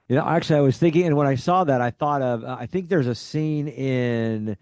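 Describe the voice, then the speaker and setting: A man at mid pitch chats loosely with his game group. He laughs easily and wanders through his sentences. His voice sounds dry and close to the mic. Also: moderate pace, a little mellow, no room sound. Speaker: cleric player. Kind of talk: casual roundtable chat.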